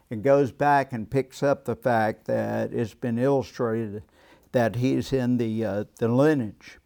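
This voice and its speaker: A man teaching an evening Bible class, speaking in a thoughtful, unhurried way with frequent restarts and pauses. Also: medium pitch, fairly even intonation, vocal fry, warm tone. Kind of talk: Bible class lecture with discussion.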